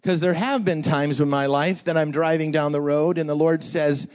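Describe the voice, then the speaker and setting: A man pastor giving an energetic sermon for children, drawing the audience into call-and-response and telling stories. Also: on the high side, normal speed, highs cut off.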